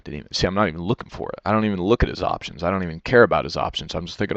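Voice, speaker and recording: A man's voice: low-pitched, lively intonation, racing, few pauses, a bit bright, no room sound, muffled recording. A man reviewing a replay of his own match in casual, rambling commentary, critical of himself and swearing often, talking into a headset. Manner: rambling, self-critical, swears a lot, fillers "you know".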